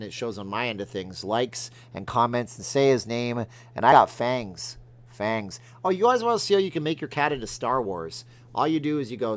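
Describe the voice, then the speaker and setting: A man's voice: medium pitch, a bit bright. A middle-aged man from Canada hosting a casual livestream, reading viewer comments and rambling between jokes and remarks to his cat. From Alberta, Canada. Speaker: livestream host.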